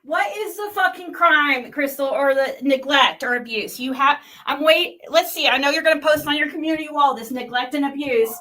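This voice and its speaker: Middle-aged woman vlogger, high and piercing, heated profane rant that swings from muttering to yelling. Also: moderate pace, hardly any pauses. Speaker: vlogger reacting to online critics.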